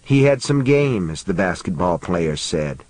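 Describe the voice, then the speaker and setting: A man narrating an audiobook in a steady, measured reading voice. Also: sits low, no echo, low-quality recording.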